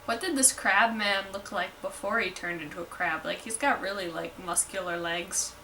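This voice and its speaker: Casual woman reactor, bright tense tone, rambling "like" asides, faint background hiss. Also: medium pitch, normal speed, recorded from a distance, low-quality recording. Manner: chatty, lots of "like", wry asides. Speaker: anime reaction vlogger. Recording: voice a bit off-mic with faint noise.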